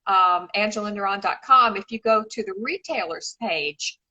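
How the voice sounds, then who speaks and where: Effusive, bright-voiced middle-aged woman. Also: medium pitch, moderate pace, dull audio. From Memphis, Tennessee, USA. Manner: chatty and effusive, calls people darling. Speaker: shoe designer and regular guest. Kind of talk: casual live-stream chat.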